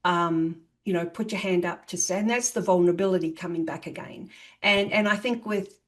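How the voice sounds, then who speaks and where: A woman's voice: lowish voice, steady tone, a little fast. A woman hosting a podcast interview, agreeable and affirming, with a loose conversational manner and fillers. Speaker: podcast host.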